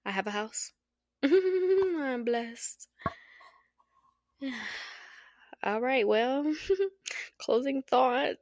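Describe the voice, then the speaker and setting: A woman's voice: high voice, very slow, long pauses, a little mellow, dry recording, studio quality. A woman hosting a casual solo podcast from her apartment, talking frankly, swearing freely and laughing often. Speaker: podcast host. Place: at home in an apartment.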